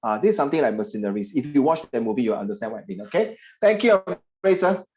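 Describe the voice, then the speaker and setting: A man's voice: mid-range voice, very animated, fast talker, a little mellow, muffled recording. A man with a Singaporean English accent, teaching a class over a video call, chatty and teasing. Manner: chatty, teasing, puts on voices of parents and students. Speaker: tutor.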